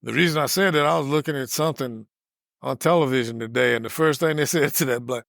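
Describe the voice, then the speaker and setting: A man's voice: mid-range voice, quick pace, gravelly, fairly bright tone, no echo, clean studio sound. A man co-hosting a podcast, retelling a customer service run-in in casual chat and acting out both sides. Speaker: podcast co-host.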